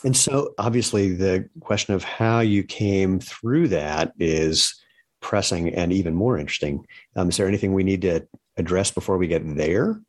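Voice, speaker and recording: A male podcast host speaks in a fairly low voice. He is curious and chatty and drifts into anecdotes. He restarts his sentences often. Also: normal speed. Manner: curious, storytelling, many restarts. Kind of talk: conversational interview.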